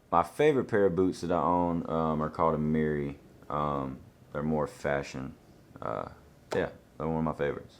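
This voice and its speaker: A young man, reading out fan questions and answering them in an easygoing, laid-back way. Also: low-pitched.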